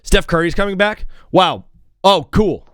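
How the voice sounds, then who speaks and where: A young man hosting a casual sports talk show, joking and shifting quickly between loud outbursts and mumbled asides. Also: high-pitched, no echo, clean studio sound. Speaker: host.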